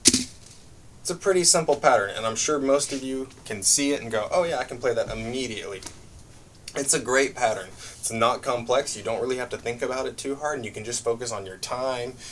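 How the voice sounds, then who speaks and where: A man teaching a brush drumming lesson, explaining patterns step by step in a relaxed way with frequent fillers. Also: mid-range voice, a little fast, background noise. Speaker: music teacher. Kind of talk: drum lesson demonstration.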